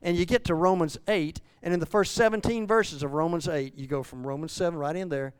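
An older male preacher in his sixties works through scripture in a homey, joking way, tripping over his words and restarting often. His voice is smooth and sits a touch high for a man, and it climbs loud and high when he acts out a frustrated believer. The sound is dry and close to the mic. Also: brisk, no echo. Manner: folksy, self-deprecating preaching with many restarts; rises loud and high when voicing the apostle's struggle. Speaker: pastor. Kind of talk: sermon.

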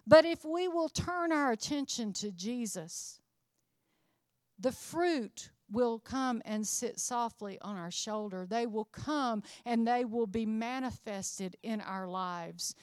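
A woman's voice: fairly high pitch, dry recording, studio quality. A middle-aged woman preaching a sermon, earnest and emphatic, building her phrases up to rises.

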